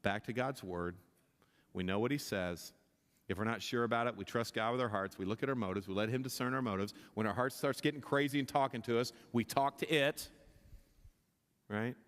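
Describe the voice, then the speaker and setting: A pastor preaching a sermon, impassioned, often restarting his sentences and building to louder, higher climaxes. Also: fairly quick. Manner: impassioned, rising in pitch and volume at climaxes, many restarts. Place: church sanctuary. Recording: long reverb of a church hall.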